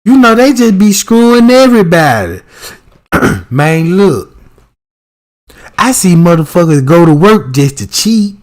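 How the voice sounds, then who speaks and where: A man, talking loosely into his livestream in a somewhat high voice. He rambles, swears freely and keeps checking that his listeners follow him. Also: big pitch swings, measured pace, a little mellow. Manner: loose, profane, keeps asking "you know what I'm talking about". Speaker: livestream host. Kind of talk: casual livestream commentary.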